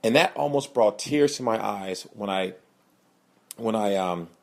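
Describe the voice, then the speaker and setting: A young man hosting a podcast, telling a personal story in an earnest, animated way and voicing the people in it. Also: measured pace. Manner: earnest, animated, acts out quoted voices with raised pitch. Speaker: podcast host, sales speaker.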